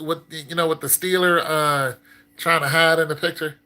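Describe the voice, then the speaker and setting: A man's voice: a little high, normal speed. A man on a livestream, casually commenting on scam messages and chatting with viewers in a loose, filler-heavy way. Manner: loose and conversational, lots of fillers; gets loud and excited chatting with viewers. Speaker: streamer.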